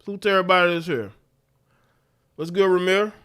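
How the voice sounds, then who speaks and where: A man's voice: high-pitched, fairly quick, fairly bright tone, clear, resonant tone. A man hosting a live stream, talking in loose, repetitive slang. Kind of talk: casual commentary.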